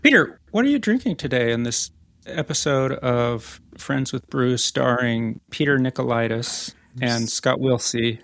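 A man's voice: mid-range voice, animated, a little slow, creaky, a bit bright, no room sound, studio quality. A man co-hosting a podcast in casual chat, teasing his friend and rambling playfully as he talks. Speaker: podcast co-host.

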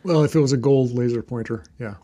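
A man co-hosting a podcast in casual chat, making wry, deadpan jokes. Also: mid-range voice, quick pace, noisy background. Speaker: podcast co-host.

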